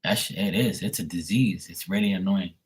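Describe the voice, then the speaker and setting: A man's voice: sits low, fairly quick, rough recording. A man doing a casual tarot reading who rambles through stories, talks bluntly and swears freely. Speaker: tarot reader. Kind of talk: casual livestream reading and storytelling.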